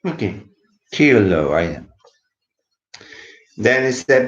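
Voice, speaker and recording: A man's voice: fairly low pitch, animated, unhurried, long pauses. A man, a bit sleepy, giving a casual English lesson and switching between English and to explain words. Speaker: English teacher. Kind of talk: casual live video lesson. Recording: echoey room, dull lo-fi sound.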